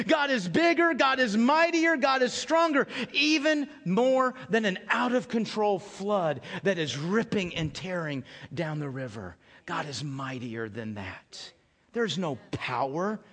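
A man preaching a sermon, swinging between loud rising questions and quiet, low lines. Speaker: pastor. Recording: long hall reverb.

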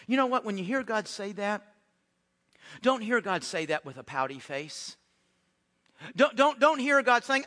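A man preaching a sermon in a lively, conversational way, often repeating words as he restarts his sentences. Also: sits high, normal speed. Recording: echoey hall with long reverb.

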